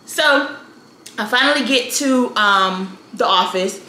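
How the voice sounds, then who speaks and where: Sassy vlogger woman in her 30s, bright and animated, echoey room. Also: a little high, slow. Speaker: storytime vlogger. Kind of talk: casual storytelling. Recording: roomy echo, faint ambience.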